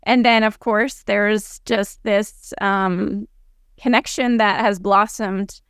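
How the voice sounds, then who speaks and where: A woman's voice: medium pitch, fairly even intonation, takes it slowly, a bit bright, clean tone, dry recording, clean studio sound. A woman hosting a podcast interview, effusive and grateful, on the edge of tears as she thanks her guest. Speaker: podcast host.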